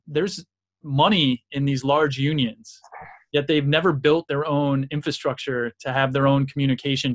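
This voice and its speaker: A man hosting a labour podcast, earnest, asking long and winding interview questions. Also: medium pitch. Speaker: podcast host.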